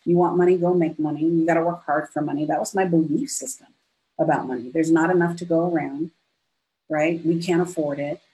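A woman's voice: deep voice, a little fast, poor audio. A middle-aged woman, a business coach guest on a podcast, telling stories animatedly, acting out quoted dialogue and often tagging lines with "right?". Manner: expressive, acts out quoted dialogue, frequent "right?". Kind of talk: animated storytelling in conversation.

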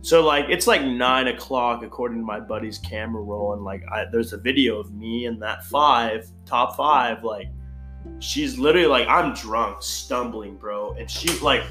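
A man's voice: medium pitch, normal speed, sharp tone. A young man telling a crude party story in casual chat, rambling and full of "like". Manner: rambling, crude, filler-heavy with frequent "like". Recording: echoey room with faint guitar music.

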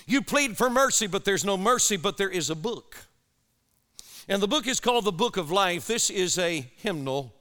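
A man's voice: sits high, animated, normal speed, sharp tone. A man preaching an urgent, impassioned sermon to young people at a camp. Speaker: evangelist preacher.

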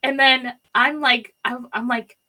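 A woman's voice: high voice, steady tone, unhurried, bright, forceful tone. Young woman rambling through a personal story. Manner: rambling, filler-heavy, acts out quotes. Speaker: storyteller guest.

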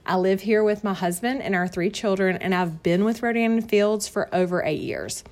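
A woman in her thirties from North Carolina with a Southern accent, hosting a podcast and telling her personal story in a chatty, friendly way that is quick to laugh, recorded in her home office. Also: medium pitch, a little mellow. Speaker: podcast host.

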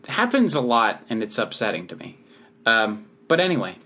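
Guy cohosting a podcast, laid back and dry, kinda halting. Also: on the low side, wildly swooping pitch, bright, forceful tone, slightly rough. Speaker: podcast co-host. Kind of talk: casual chat.

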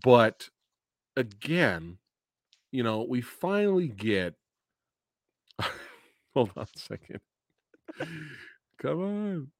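A man hosting a casual livestream movie review, excitable and profane, often bursting into high laughter. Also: very slow, pauses often, dry recording, clean studio sound. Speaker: podcast host.

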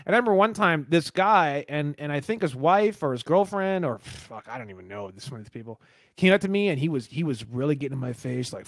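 A man hosting a podcast, telling animated, profanity-laced stories in casual chat. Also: a little high, quick pace, no room sound, clean studio sound. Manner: profane, animated storytelling with frequent fillers. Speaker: podcast host.

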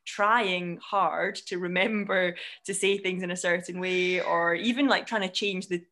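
A woman's voice: on the low side, fairly even intonation, unhurried, a bit bright. A Scottish woman in her thirties, a broadcaster chatting as a podcast guest, laughing often and restarting her sentences. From Scotland. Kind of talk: casual conversation.

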